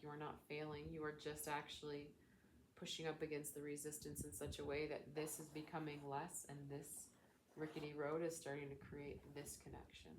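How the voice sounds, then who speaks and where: A woman talking as a spiritual coach in a casual, gentle, reflective teaching style. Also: low-pitched, slight background noise. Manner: gentle, soothing, reflective, with chatty fillers.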